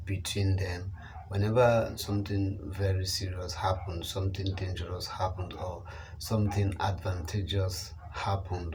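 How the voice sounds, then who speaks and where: A man's voice: deep voice, background noise. A man commenting on a news story, emphatic and repeating phrases for stress. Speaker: online channel commentator.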